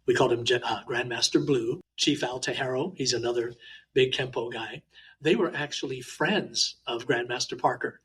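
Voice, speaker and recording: A man from Hawaii, a martial arts teacher, chatting in an interview and telling lively anecdotes with frequent uh fillers. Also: mid-range voice, normal speed, a little hiss or hum, rough recording. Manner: animated, talkative anecdotes with many uh fillers. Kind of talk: casual interview storytelling.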